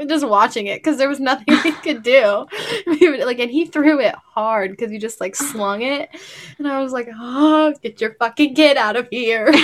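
Young woman, casual chat co-host, a bit high-pitched, lively and laughing, swears freely. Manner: animated storytelling, swearing, frequent laughter.

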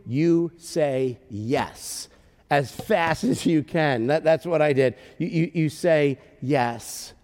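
Preaching man in a reverberant hall. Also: medium pitch. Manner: storytelling, emotional, with shouted bursts. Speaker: pastor. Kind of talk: sermon.

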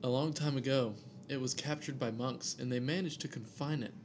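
A man's voice: mid-range voice, steady tone, fairly quick, background noise. Casual man reading a scary story. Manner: reads aloud with jokey asides and stumbles over names.

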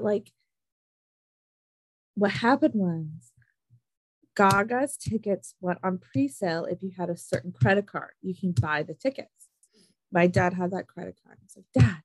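Young woman ranting to a friend, kinda husky, higher voice, dry sound. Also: no echo, poor audio. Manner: animated storytelling, lots of "like". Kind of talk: casual chat.

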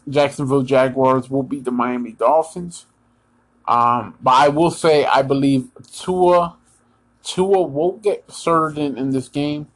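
A man from the United States giving casual sports predictions, halting often with ums and restarts while talking straight to his listeners. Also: medium pitch, rough recording. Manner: Eagles fan, talks straight to listeners. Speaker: sports vlogger giving picks.

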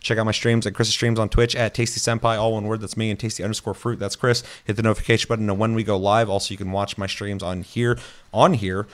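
Male podcast host, slightly low voice, loose rambling delivery with casual swearing. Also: level tone, fast talker, hardly any pauses. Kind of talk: casual gaming podcast chat.

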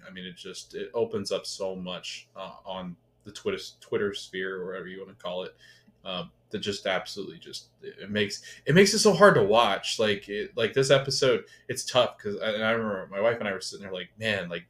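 A man co-hosting a podcast, eagerly retelling scenes from a TV episode and acting out the characters' lines. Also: fairly low pitch. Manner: animated, retells scenes, acts out quotes. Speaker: podcast co-host. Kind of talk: casual chat recapping a TV episode.

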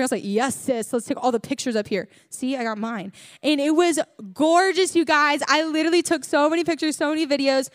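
Young woman, high voice, sermon, chatty storytelling, dry sound. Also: fast, few pauses, no echo. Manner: chatty, animated storytelling with many fillers. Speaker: church speaker.

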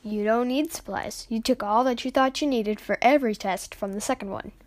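A woman's voice: fairly high pitch, fairly quick, close to an everyday voice. A woman reading the lines of a cheerful male wizard who plays tricks, in a breezy, teasing way, in a storybook.

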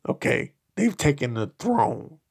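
Slow, gravelly man ranting bluntly. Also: a little high, big pitch swings. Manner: blunt, profane and emphatic; slow, halting delivery with repeated restarts. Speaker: podcast commentator. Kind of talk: opinionated solo commentary.

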